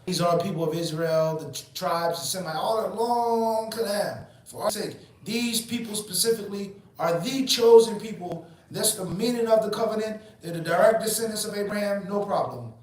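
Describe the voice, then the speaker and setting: With a high voice at normal speed, a man in his forties teaches Islam, emphatic and preachy, asking rhetorical questions he then answers. The room is very echoey and the microphone is far away.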